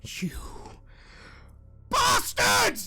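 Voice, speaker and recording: A game master voicing a desperate, enraged father who yells to protect his daughter. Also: measured pace, full character voice. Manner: yelling, high-pitched.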